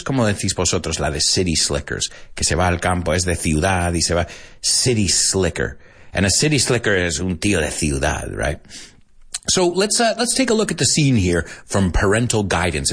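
A man's voice: mid-range voice, slightly rough. A man, chatting as he teaches English through a film scene and slips into Spanish to explain words. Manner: switches between English and Spanish, animated and chatty.

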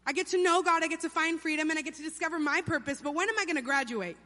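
A young woman preaches with a high, bright voice, chatty and playful, slipping into funny voices for quotes. Her words ring out with a long reverb from the church hall. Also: racing. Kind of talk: sermon. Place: church sanctuary.

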